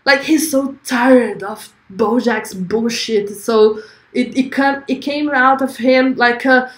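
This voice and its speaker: A woman's voice: a little high, takes it slowly, echoey room. A young woman hosting a livestream, chatting effusively and reading viewer comments aloud. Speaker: livestream host. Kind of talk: casual livestream chat.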